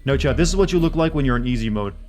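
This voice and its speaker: A man's voice: mid-range voice, expressive, very fast, a little mellow. A young man giving casual, joking game-stream commentary, rambling to his viewers.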